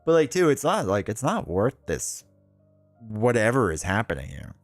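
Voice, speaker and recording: A man's voice: fairly low pitch, very animated, moderate pace, no room sound, faint music behind. A man chatting casually with viewers on a livestream, rambling through stories and laughing often. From United States. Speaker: streamer.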